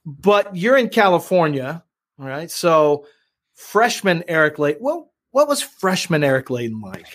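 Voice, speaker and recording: A man's voice: a little high, very animated, a little slow, a bit bright. A man hosting an interview, asking questions in a playful, teasing way. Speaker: host. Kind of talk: casual interview chat.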